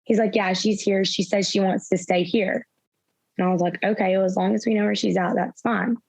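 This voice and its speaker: A young woman, a guest in an interview, retelling events through quoted dialogue in a soft, halting way with fillers. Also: mid-range voice, fairly even intonation, gravelly, slightly rough, dry recording. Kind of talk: personal storytelling in an interview. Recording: slightly dull, dry sound.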